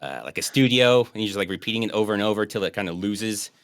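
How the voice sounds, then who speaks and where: A man's voice: lowish voice, fast, fairly bright tone, smooth, no echo, studio quality. A man co-hosting a movie commentary podcast, chatting casually, joking and rambling, often laughing. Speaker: podcast co-host.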